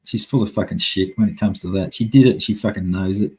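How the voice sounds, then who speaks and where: A man's voice: low-pitched, fast talker, a little mellow, slightly rough, rough recording. A man hosting a live stream, ranting angrily at his chat with constant swearing. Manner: heavy swearing, angry and blunt. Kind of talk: casual live-stream rant.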